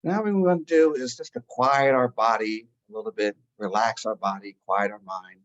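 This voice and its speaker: A man guiding a listener through a calm breathing and relaxation meditation, giving slow, soothing instructions. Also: medium pitch, dull audio. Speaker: meditation guide. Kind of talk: guided meditation.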